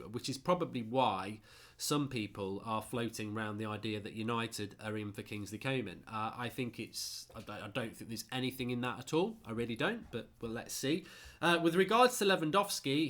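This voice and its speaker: A man's voice: medium pitch, sharp tone. A man hosting a casual football stream, tired and yawning, talking bluntly and with strong opinions while he reads out viewer comments. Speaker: football channel host reading viewer comments. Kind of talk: casual live-stream chat.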